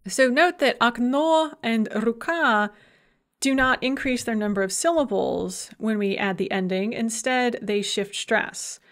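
A woman's voice: on the high side, a little slow, fairly bright tone. A woman giving a recorded university language lecture, patiently explaining grammar with examples and light humorous asides. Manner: patient, explanatory, gives example words then translations.

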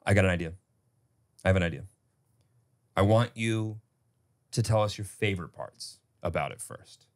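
A man's voice: low-pitched, moderate pace. A man joking wryly in a casual podcast chat. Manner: wry, deadpan jokes. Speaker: podcast co-host.

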